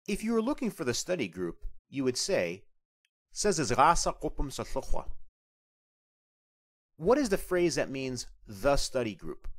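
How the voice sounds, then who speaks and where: A man's voice: medium pitch, big pitch swings, a little slow, pauses often. A man teaching a beginners' language lesson, asking questions and then repeating each answer twice, patiently.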